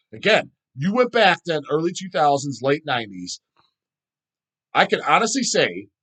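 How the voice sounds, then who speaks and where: A middle-aged man hosting a solo vlog, ranting heatedly and profanely. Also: a little high. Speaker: channel host.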